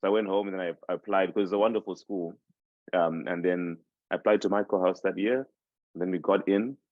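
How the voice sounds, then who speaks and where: Low-voiced man with Shona roots, dull dry sound. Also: steady tone, a little fast, no echo. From Zimbabwe. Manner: reflective, rambling with frequent restarts and fillers. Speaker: podcast host interviewed as guest. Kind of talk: casual podcast interview.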